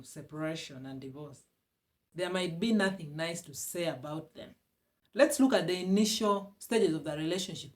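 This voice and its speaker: A woman from Uganda with a Ugandan English accent, giving emphatic, repetitive self-help advice on healing after divorce as a vlogger. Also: on the low side. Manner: emphatic and repetitive, with sudden loud bursts and laughs. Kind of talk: motivational self-help talk.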